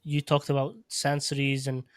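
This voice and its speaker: A man who coaches athletes and hosts a podcast, talking in a measured, reflective way. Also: medium pitch, completely flat delivery, no room sound, studio quality. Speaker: podcast host, strength coach. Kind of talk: casual podcast conversation.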